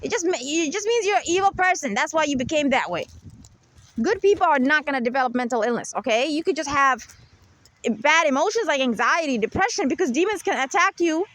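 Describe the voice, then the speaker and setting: High-voiced woman lecturing insistently. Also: lively intonation, fairly quick, a bit bright, no room sound. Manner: repetitive, keeps checking with "right?" and "okay?". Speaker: channel host. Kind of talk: rambling monologue to camera.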